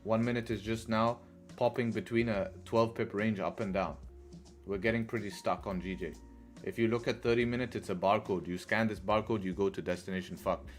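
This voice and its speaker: A trading livestream host with a lowish voice and fairly even intonation speaks a little fast, soft music behind him. He chats informally, frequently checks in with "right?", and tosses in profanity.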